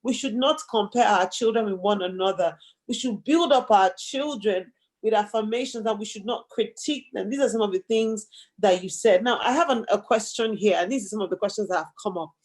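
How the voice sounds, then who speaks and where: A woman's voice: mid-range voice, fairly quick, darkish tone. A woman hosting an interview, affirming her guest and asking long, rambling questions. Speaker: host. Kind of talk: interview chat.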